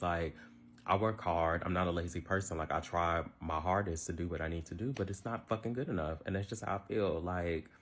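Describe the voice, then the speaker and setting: A man's voice: deep voice, husky. A man in his twenties ranting to his phone camera, frustrated and rambling, full of fillers. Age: 20s. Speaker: social media ranter. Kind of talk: casual rant to camera.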